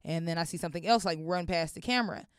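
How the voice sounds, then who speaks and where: A woman's voice: on the low side, fast talker, clean tone, no room sound, clean studio sound. A young woman, telling a personal story casually, acting out voices and swearing freely. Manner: animated, acts out voices, swears often.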